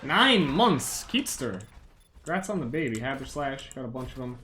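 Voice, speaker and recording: A young man chatting casually while streaming a game, excitable and quick to laugh. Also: mid-range voice, slight background noise. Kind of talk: casual gameplay commentary.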